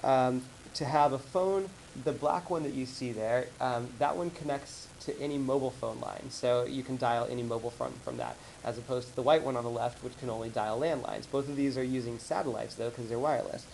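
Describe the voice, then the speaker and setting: A man giving a casual slideshow talk to colleagues, rambling and animated as he tells stories. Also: medium pitch, fairly quick, gravelly, few pauses, a little hiss or hum, low-quality recording. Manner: rambling, animated storytelling with acted-out quotes. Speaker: presenter. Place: office meeting room.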